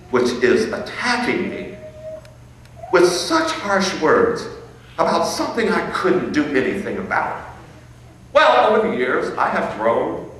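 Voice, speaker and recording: A middle-aged man from Illinois, an inspirational speaker telling a personal story on stage with emphatic, dramatic pauses and repetition. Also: medium pitch, bright, forceful tone. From Illinois, USA. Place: large hall on stage. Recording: echoey hall, mic far off, faint noise.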